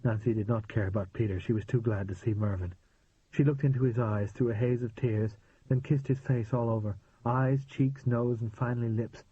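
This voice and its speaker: A man narrating an audiobook in a steady, measured reading voice. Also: mid-range voice, breathy edge, no room sound. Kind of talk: scripted narration. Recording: tinny phone-like dry sound.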